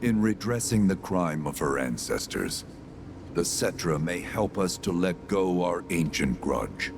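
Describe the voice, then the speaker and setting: An ancient spectral elder speaks in an extremely deep, gravelly rumble, slow and ominous, his pitch rising and falling with grave ceremony. Game music plays beneath him. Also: very animated, heavily acted. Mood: solemn. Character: ancient ghostly male Gi elder, grave and solemn. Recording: game audio with music behind.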